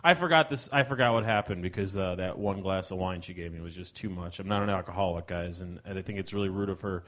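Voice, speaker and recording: A man hosting a live comedy show, delivering a mock-outraged stand-up monologue that swings between loud bursts and mumbled asides. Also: low-pitched, fast. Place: live ballroom stage.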